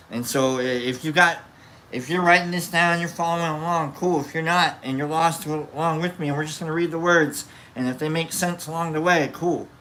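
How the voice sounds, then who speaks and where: A teacher giving a casual philosophy lesson, reading from a book and thinking out loud, with many fillers and self-corrections in a laid-back, jokey way. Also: mid-range voice, slight background noise.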